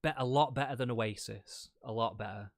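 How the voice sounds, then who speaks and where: Relaxed swearing Englishman, dry close sound. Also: mid-range voice, normal speed, no room sound. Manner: relaxed, swears casually, laughs often. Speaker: debate guest. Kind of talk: casual chat.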